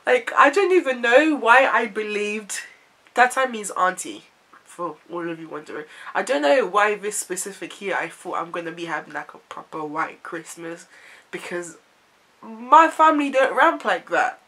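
A young woman, from an Ivorian family, telling a story to camera in a chatty, animated way full of "like"s. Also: medium pitch, moderate pace. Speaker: vlogger.

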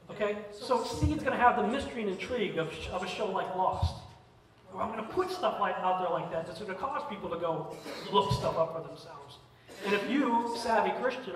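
A man's voice: high-pitched, a bit bright, recorded from a distance. A man giving a casual, humorous conference lecture, chatty and acting out little scenes with asides. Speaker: conference speaker. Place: conference hall. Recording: echoey hall recorded from afar, faint noise.

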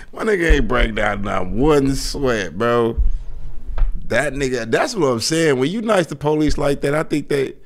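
A man with a gravelly, rough-edged voice gives reaction commentary on a stream. His pitch jumps around a lot, and he talks in a loose, slangy way, laughing as he goes. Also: lively intonation, unhurried.

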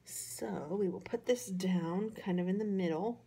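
A woman's voice: medium pitch, measured pace, creaky, mellow, a little hiss or hum. A woman from the American Midwest with a Midwestern accent, chatting casually through a card-making tutorial in a hotel room, rambling and poking fun at herself. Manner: chatty, rambling, self-deprecating. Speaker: craft vlogger.

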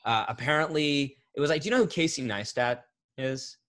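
A man in his thirties talking casually as an interview guest, rambling and correcting himself, getting animated when he tells a story. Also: medium pitch, a little fast. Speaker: voice actor guest. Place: home recording setup, remote interview.

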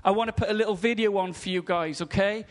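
A man's voice: sits high, quick pace, big-room sound. A man giving an enthusiastic sermon-style teaching, laughing as he talks through pictures. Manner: animated, enthusiastic storytelling with laughter. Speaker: teacher at a ministry school.

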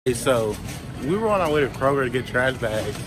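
A man's voice: mid-range voice, big pitch swings, brisk, background noise. A young man vlogging casually, teasing his friends and rambling with fillers, recorded on a handheld camera. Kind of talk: casual vlog chat. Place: bowling alley. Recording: loud music and crowd at bowling alley.

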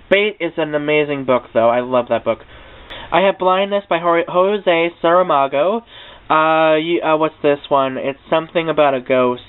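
A young man giving a rambling, excitable, unscripted tour of his bookshelf, often tongue-tied and swearing casually. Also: on the high side, clear, resonant tone. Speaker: book vlogger. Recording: tinny, phone-like webcam audio.

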